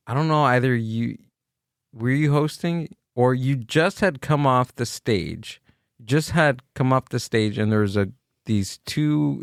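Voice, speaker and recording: A man co-hosting a casual podcast, easygoing as he asks questions and retells stories. His voice sits at a middle pitch. The recording is dry and close. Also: gravelly, smooth, dry recording.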